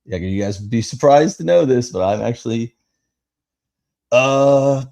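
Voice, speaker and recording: A man co-hosting a live podcast, telling stories in a rambling, animated way full of fillers. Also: medium pitch, a little slow, creaky. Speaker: podcast co-host. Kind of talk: casual chat.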